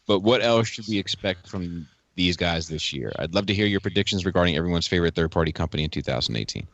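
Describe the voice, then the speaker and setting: A man's voice: low voice, fast talker, a bit bright, no echo, dull audio. A man co-hosting a casual podcast, reading a listener question aloud with easygoing restarts. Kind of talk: casual group chat.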